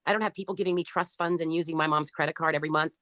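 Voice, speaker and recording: A woman's voice: sits low, fairly even intonation, rapid-fire, a bit bright, slight background noise. A woman hosting a livestream who reads out chat comments and answers them in a mocking, profane and taunting way. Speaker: livestream host.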